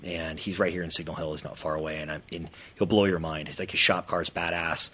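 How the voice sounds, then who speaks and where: Engineer, man, low, bright voice, animated casual talker. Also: fairly quick, slight background noise. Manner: animated, acts out quoted voices. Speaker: parts manufacturing engineer. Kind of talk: casual chat.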